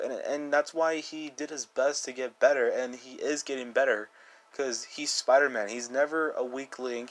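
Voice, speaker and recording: A man giving a casual, rambling movie review as a YouTuber, full of "like" and "dude" and eager restarts. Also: mid-range voice.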